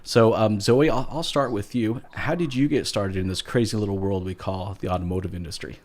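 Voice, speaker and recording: A man's voice: fairly low pitch, brisk. A man hosting a podcast interview, upbeat and jokey, chatting casually with his guests. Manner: upbeat, jokey, loud greetings. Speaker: podcast host.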